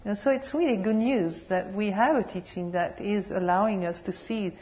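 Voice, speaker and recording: A Buddhist nun giving a dharma talk, telling humorous, animated stories. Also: female voice, mid-range voice, moderate pace. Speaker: Buddhist nun and meditation teacher.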